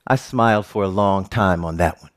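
A man's voice: low voice, moderate pace. A middle-aged man giving an earnest personal storytelling talk, with joking asides.

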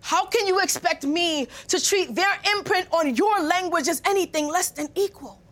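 A young woman delivers a spoken word poem on stage with a rhythmic, rhyming cadence. Her voice sits very high, and she slides between formal and street registers as she goes. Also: moderate pace, fairly bright tone. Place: stage before a live audience.

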